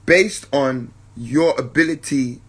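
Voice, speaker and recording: The host of a spiritual podcast, a man of medium pitch whose fairly bright tone has a breathy edge, reflects aloud at an easy pace. He calls his listeners family, checks in with them often, and repeats points to drive them home.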